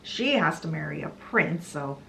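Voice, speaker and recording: A woman's voice: low-pitched, expressive, a little slow, gravelly, a bit bright, a little hiss or hum, pitched below the performer's own voice, exaggerated voice, rough recording. A lovestruck young street thief , as a woman puts him on while retelling the story, talks earnestly and mocks himself. He sounds like an ordinary young man who is smitten. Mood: resigned. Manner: earnest, self-mocking.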